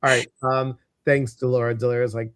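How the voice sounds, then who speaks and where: A man's voice: mid-range voice, level tone, normal speed, fairly bright tone, no room sound, studio quality. A man with a Midwestern American accent hosting a casual live stream, chatty and rambling, with plenty of ums and uhs. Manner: chatty, rambling, many fillers. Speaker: host.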